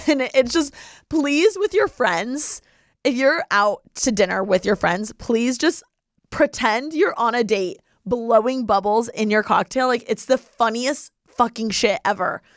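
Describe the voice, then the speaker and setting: A woman's voice: a little high, animated, a little slow, no echo, studio quality. A young woman in her twenties hosting a podcast, chatting casually in a bubbly, giggly way with lots of filler words. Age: 20s. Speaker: podcast host. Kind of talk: casual chat. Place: living in LA.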